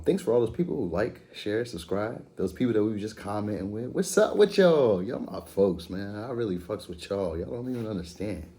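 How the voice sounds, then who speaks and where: A man's voice: deep voice, mellow. A man hosting a casual pick-a-card tarot reading, chatty and laid-back with slangy talk, recording at home at night. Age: adult with a school-age daughter. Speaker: tarot reader, channel host.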